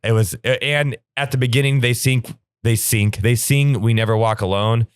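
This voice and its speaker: A man co-hosting a casual podcast, excitable and laughing often, his voice going hoarse. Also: medium pitch, moderate pace, no room sound, studio quality. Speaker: podcast co-host. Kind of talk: casual sports chat.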